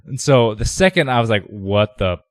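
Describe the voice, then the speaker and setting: Animated low-voiced man telling a story. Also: normal speed, no room sound, clean studio sound. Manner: animated, shouts heckles in quoted voices, many fillers. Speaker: podcast guest. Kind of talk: casual storytelling.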